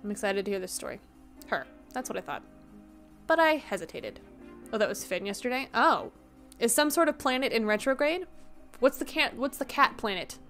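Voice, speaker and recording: A woman's voice: on the high side, big pitch swings, a bit bright, faint music behind. A young woman streaming a game, chatting casually and laughing as she riffs on her viewers' jokes. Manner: chatty, giggly, quick to riff on jokes.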